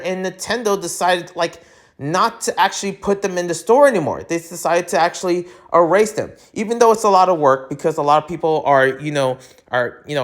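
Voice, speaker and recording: Man ranting on his solo podcast. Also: a little high. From United States. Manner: rambling, with many fillers and restarts; heated and emphatic when ranting. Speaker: podcast host.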